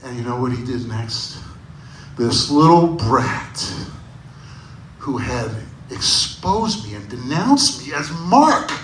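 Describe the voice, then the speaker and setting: A man in his sixties doing stand-up storytelling on a bar stage, animated and bursting into loud shouts. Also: mid-range voice, takes it slowly, a little hiss or hum. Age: 60s. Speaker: stand-up comedian. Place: bar stage at a live comedy showcase. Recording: echoey bar room from a distance.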